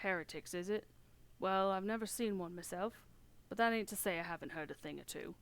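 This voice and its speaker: A woman voicing a cynical lowborn male soldier with rough, common speech, reading game dialogue aloud. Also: fairly quick, natural voice. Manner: rough common speech, dry and world-weary.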